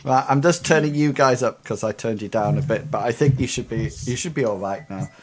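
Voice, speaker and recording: A man's voice: medium pitch, a little fast. Chatty man running a tabletop game. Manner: chatty, hesitant with fillers and restarts. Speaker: game master. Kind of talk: hosting a tabletop game over video call. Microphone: video call.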